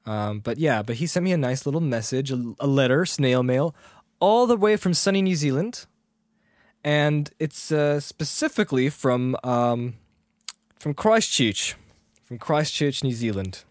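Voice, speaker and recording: A man's voice: medium pitch, lively intonation, measured pace, no room sound, clean studio sound. A man co-hosting a casual podcast, rambling and self-deprecating, with his voice often trailing off. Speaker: podcast co-host.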